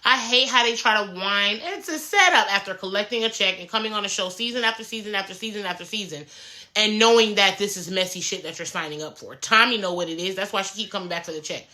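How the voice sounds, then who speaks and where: A woman's voice: mid-range voice, fast, pushed and bright, low-quality recording. A woman giving blunt, profane, sassy commentary on a reality show in a casual chat.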